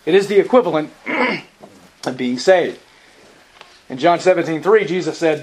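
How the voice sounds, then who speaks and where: A man preaching a sermon, emphatic, repeating key phrases for stress and often clearing his throat. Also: fairly high pitch, animated, measured pace, pauses often, rough recording.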